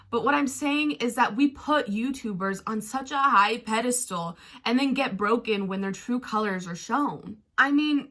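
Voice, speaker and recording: A woman's voice: fairly high pitch, bright, forceful tone. A woman hosting a commentary vlog, talking in a blunt, sarcastic tone and swearing freely. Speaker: commentary YouTuber.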